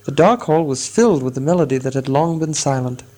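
Man reading a storybook, expressive. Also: medium pitch. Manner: measured, expressive narration. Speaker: audiobook narrator.

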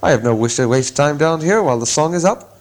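A man voicing a band of merry, jeering young male elves in a storybook reading, pitching his voice up high. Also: expressive, fast, natural voice, rough recording. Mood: impatient. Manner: high, mocking, boisterous.

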